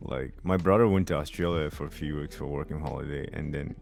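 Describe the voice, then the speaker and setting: A man's voice: rumbling low, fast, creaky, a little mellow, faint music behind. A man, a Japanese native speaker, telling casual stories on a podcast in English with small grammar slips and frequent laughter. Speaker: podcast host. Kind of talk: casual chat.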